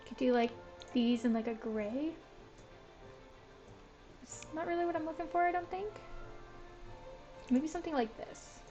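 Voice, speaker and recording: A woman's voice: sits high, measured pace, long pauses, warm tone, soft background music, poor audio. A woman streaming a building game, chatting casually to herself with lots of "like" and a self-described Valley Girl way of talking. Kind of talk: casual gameplay commentary.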